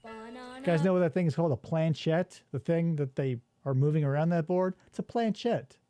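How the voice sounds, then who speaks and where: A man's voice: fairly high pitch, brisk, mellow. A man hosting a podcast, riffing in casual chat and swearing freely. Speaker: podcast host.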